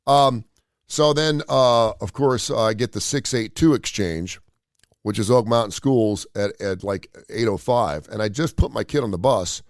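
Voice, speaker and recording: A man's voice: on the low side, a little slow, no echo. A middle-aged man hosting a morning radio talk show from his home studio, rambling with lots of fillers and restarts.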